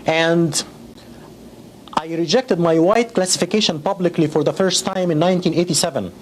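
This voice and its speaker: A man from Egypt, giving measured personal testimony with some hesitant restarts. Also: fairly high pitch, slight background noise. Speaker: interviewee.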